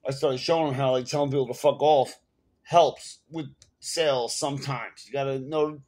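A man's voice: medium pitch, fairly even intonation, moderate pace, a little mellow. A man with a New York accent ranting casually to the camera at home, profane and rambling, full of fillers. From Bronx, New York. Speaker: vlogger.

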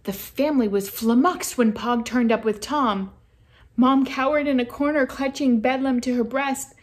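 A woman reading a children's storybook aloud in a playful, expressive way for a church kids' program. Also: high voice, moderate pace. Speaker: children's ministry reader.

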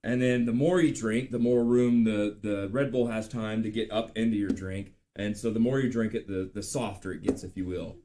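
A man in his late thirties hosting a live show, telling stories in a chatty, animated way with lots of ums and uhs. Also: fairly low pitch, moderate pace, hardly any pauses, slight background noise. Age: late 30s. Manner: chatty, animated storytelling with filler words. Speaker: podcast host. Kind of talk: casual live-stream chat.

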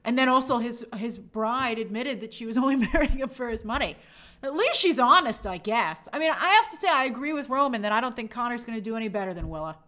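A chatty, animated woman hosting a live stream and reacting to viewer comments as she goes. Her voice sits a little high and has a bright, forceful edge, with plenty of energy in the delivery. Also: fast. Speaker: host of a TV and film news show.

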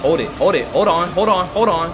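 Excitable man yelling through a horror game. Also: fairly high pitch, fairly quick, music in the background. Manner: excitable, yelling and joking while playing. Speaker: gaming channel host. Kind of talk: let's play commentary.

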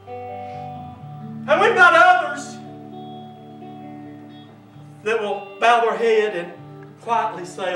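A high-pitched male preacher with a bright, forceful edge, delivering a sermon that moves between hushed passages and shouted calls. He is heard from a distance in a roomy church sanctuary, with soft music playing behind him. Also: drawn-out words, long pauses. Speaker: pastor.

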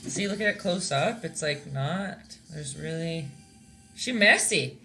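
A young woman from Canada talks viewers through a painting lesson in a loose, rambling way, breaking into giggles. Her voice is bright and clear. Faint music plays behind her. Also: deep voice, animated, unhurried. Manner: chatty, giggly, rambling with many fillers. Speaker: painting instructor. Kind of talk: casual live-stream painting lesson.

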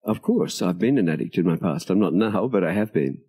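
Older man, dark mellow tone, slightly husky, storytelling interview guest, recorded outdoors. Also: deep voice, brisk. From Australia. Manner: animated storyteller, acts out quoted dialogue, laughs often. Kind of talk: storytelling in conversation. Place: outdoors at a tropical home near a beach.

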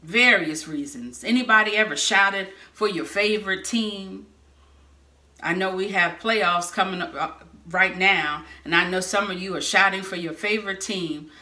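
A woman preaching a sermon, telling stories with lively bursts of shouting. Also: mid-range voice, moderate pace. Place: church sanctuary or hall. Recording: echoey room.

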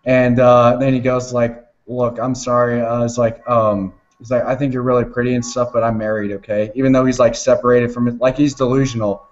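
Casual male co-host, rambling and profane storyteller, mid pitch, dull lo-fi recording. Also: flat delivery, a little fast, few pauses. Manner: rambling, swears often, laughs while retelling. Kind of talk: casual chat.

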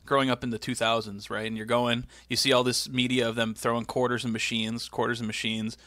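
A man's voice: mid-range voice, sharp tone, dry recording, clean studio sound. A young man hosting a podcast in casual, rambling, jokey chat. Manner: rambling, jokey, does voices. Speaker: podcast host.

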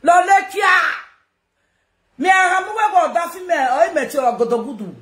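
A Nigerian woman chatting casually to her followers, loud and teasing, often laughing. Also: sits high, animated, quick pace. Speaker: social media personality. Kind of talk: casual self-recorded chat to followers. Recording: echoey room with faint noise.

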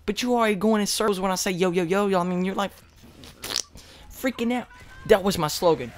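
A teenage young man giving rambling, excitable commentary over gameplay, close to his mic. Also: high-pitched, rapid-fire, slight background noise. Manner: rambling, hyped, self-mocking. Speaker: gaming commentator. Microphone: close desk mic.

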